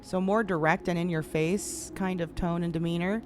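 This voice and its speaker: A woman's voice: on the low side, steady tone, normal speed, darkish tone, slight background noise. Chatty streamer woman, swearing freely. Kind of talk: casual live-stream chat.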